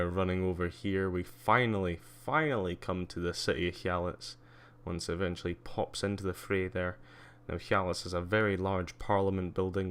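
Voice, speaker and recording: A man with a deep, smooth voice hosts a casual live-stream tour. He rambles loosely, leaning on ums and uhs, and drops in wry little asides. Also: fairly bright tone. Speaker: livestreamer.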